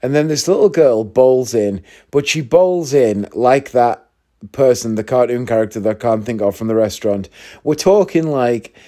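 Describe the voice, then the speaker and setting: A man in his thirties from northeast England, a comedian spinning a long personal anecdote. He talks casually and chattily, breaking off for asides to his listeners. His voice sits at an ordinary middle pitch for a man. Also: animated, normal speed, mellow. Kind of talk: casual storytelling.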